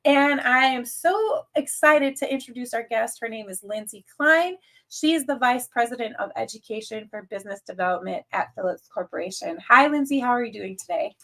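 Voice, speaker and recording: A woman's voice: on the high side, expressive, normal speed, a bit bright. Nasal-sounding Midwestern woman host. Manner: upbeat, chatty. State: nasal from a cold. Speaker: podcast host. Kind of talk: casual interview chat.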